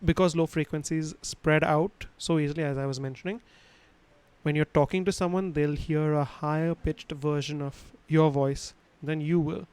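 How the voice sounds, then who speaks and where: A man's voice: on the high side, steady tone, moderate pace, a little mellow, clear, resonant tone, no room sound, poor audio. Casual man teaching sound basics. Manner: casual, digressive, many fillers and restarts. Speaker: instructor. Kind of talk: livestream lesson on sound. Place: his home room. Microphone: home studio microphone.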